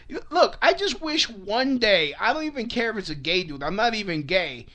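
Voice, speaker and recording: A man's voice: high-pitched, expressive, moderate pace, few pauses, sharp tone. A young man ranting to camera in a rambling, swear-filled, comic style. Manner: rambling, swears often, frequent restarts and laughs. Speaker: vlogger. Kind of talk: profane comedic rant.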